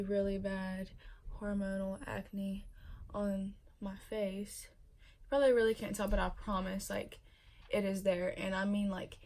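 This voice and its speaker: A woman's voice: medium pitch, darkish tone. A young pregnant woman chatting casually in a vlog, emotional and full of fillers. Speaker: vlogger.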